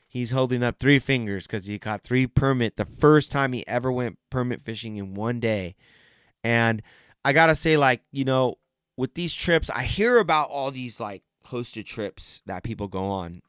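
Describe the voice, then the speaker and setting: A man hosting a podcast, talking in a rambling, excited way, swearing often and laughing between stories. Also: mid-range voice, smooth, no echo, studio quality. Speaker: podcast host. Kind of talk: casual chat.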